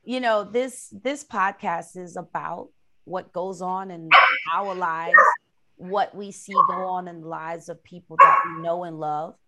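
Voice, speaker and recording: A woman hosting a casual podcast over a video call, upbeat and quick to laugh. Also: fairly low pitch, a loud crowd. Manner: upbeat, laughs often, greets warmly. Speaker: podcast host.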